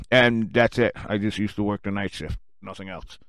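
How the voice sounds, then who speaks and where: Profane ranting man, smooth dry voice. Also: on the low side, a little slow, no echo. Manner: angry, cursing, sarcastic; swings from muttering to shouting. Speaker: radio show host. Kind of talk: profane rant.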